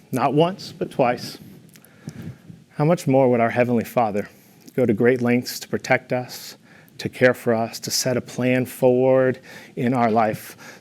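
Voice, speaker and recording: A young man giving a devotional talk, telling playful stories with humor and an encouraging, earnest manner. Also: mid-range voice. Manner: storytelling with playful humor, animated in anecdotes.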